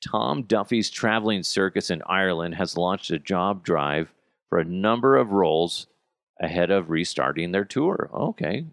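A man hosting a podcast in casual chat, ranting bluntly with plenty of profanity and swinging between loud outbursts and muttered asides. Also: deep voice, animated, normal speed, vocal fry, dry recording, clean studio sound. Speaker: podcast host.

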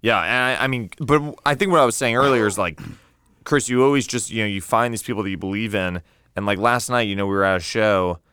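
A man's voice: lowish voice, brisk, bright, forceful tone, smooth, dry recording, studio quality. A man hosting a podcast, chatting easily and encouragingly with his guest, with playful asides. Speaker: podcast host. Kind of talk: casual interview chat.

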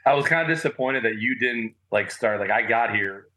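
A man on a podcast telling stories about his college sports days in a rambling, animated way with lots of fillers. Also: medium pitch, fairly quick, rough recording. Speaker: podcast guest, former college walk-on athlete. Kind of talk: casual storytelling.

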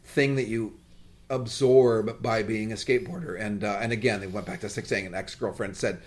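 A man's voice: on the low side, normal speed. A man hosting a podcast, telling stories in a rambling, jokey, casual way. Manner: animated, rambling, jokey storytelling. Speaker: podcast host.

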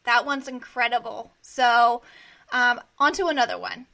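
A woman with a high voice hosts a casual interview. Her tone is bright and sharp, and she is chatty and quick to react to her guest. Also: steady tone.

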